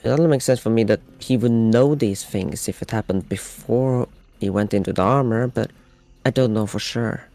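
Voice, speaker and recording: A man, a player in a tabletop game, talking through the story in a measured, uncertain way. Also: fairly low pitch, warm tone. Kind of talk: casual tabletop discussion.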